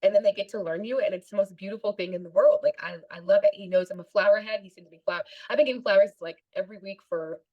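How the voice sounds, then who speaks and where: A woman's voice: medium pitch, fast talker, few pauses, lo-fi sound. A woman guesting on a podcast, telling stories in a chatty, casual way and laughing often. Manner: chatty storytelling with frequent laughter. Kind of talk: casual interview chat.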